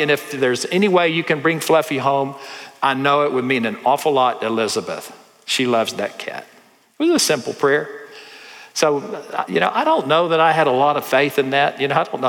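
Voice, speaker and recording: Folksy Texan preacher in a reverberant hall. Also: male voice, on the high side, fairly quick. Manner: folksy, animated storyteller who acts out voices. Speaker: pastor. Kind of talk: storytelling sermon.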